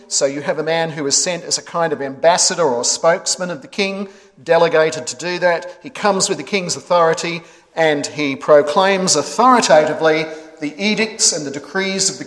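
A man delivering a sermon with a measured, emphatic cadence, pausing between phrases. His voice sits a little high for a man. It rings out through a reverberant church hall with a long echo. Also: a bit bright. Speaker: preacher. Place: church sanctuary.

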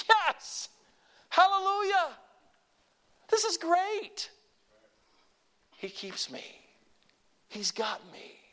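With a high voice, the elderly pastor drives his sermon home forcefully, alternating hushed passages with loud ones. Short phrases are called out for the congregation to say back to him.

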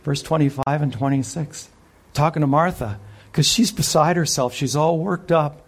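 A man preaching a sermon who speaks with energy, often asks the audience questions, and drops to a hush for emphasis. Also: a little high, fairly even intonation, moderate pace. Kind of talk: expository sermon.

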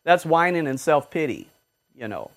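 A man preaching a sermon, fervent, swinging from loud exhortation to low murmurs and acting out short quoted voices. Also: wildly swooping pitch, normal speed.

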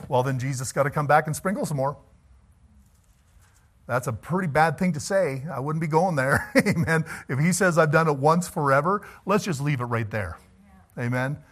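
A male pastor preaching a sermon, calling out "Amen?" to the congregation and swinging between loud emphasis and quiet asides. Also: a little high.

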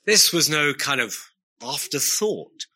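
A man preaching a sermon to his congregation, earnest and emphatic, leaning on slow, stressed phrases. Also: a little high, very animated, bright, forceful tone.

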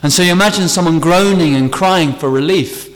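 A man's voice: high voice, fairly quick. A man preaching a sermon earnestly, stressing key phrases as he explains a psalm. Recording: long hall reverb.

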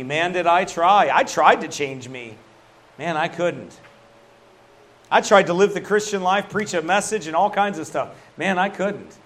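A man's voice: fairly high pitch, a bit bright. A middle-aged man preaching a sermon as pastor, folksy and emphatic, often dropping a casual "man" into his lines.

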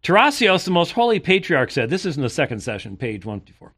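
A man's voice: on the high side, big pitch swings, fast, hardly any pauses, fairly bright tone. An older man preaching, reading long quoted passages and breaking off with pointed rhetorical questions and sarcastic asides. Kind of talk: sermon reading aloud from historical sources.

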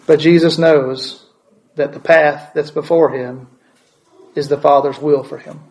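A man's voice: a little high, steady tone, a little slow, darkish tone, rough recording. A man preaching a sermon as pastor, asking the congregation questions and repeating words for emphasis.

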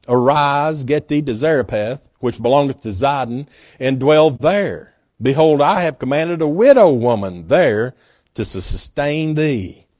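A man preaching in a homey, storytelling way, his voice sitting a bit high for a man. He moves from emphatic peaks down to quiet, slowed asides. The sound is close and dry, with no room echo. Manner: folksy, conversational preaching with chuckles; swings between emphatic rises and quiet, drawn-out asides. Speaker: guest pastor. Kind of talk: sermon.

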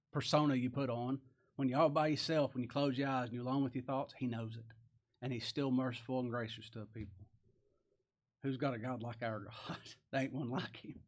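A man preaching a sermon as pastor, folksy and humorous, swinging between soft, quiet lines and loud, rising emphasis. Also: medium pitch.

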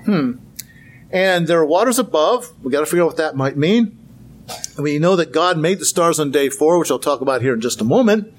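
A man's voice: fairly high pitch, lively intonation, a little fast. A man giving a Bible lecture with slides, earnest, asking rhetorical questions and repeating words for emphasis. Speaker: Bible teacher.

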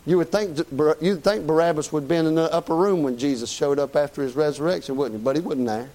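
A man's voice: fairly high pitch, fast talker, warm tone, rough recording. A man preaching a sermon to a congregation in a church, emphatic and folksy, firing off rhetorical questions and calling for amen.

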